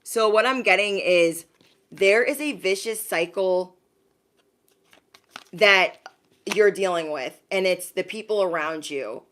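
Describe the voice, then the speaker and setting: A woman's voice: mid-range voice, slow pace, pauses often, fairly bright tone, a little hiss or hum. A woman giving a live-streamed zodiac reading. She is chatty and slangy, talks straight to her viewers, and often acts out quoted voices. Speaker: intuitive card reader.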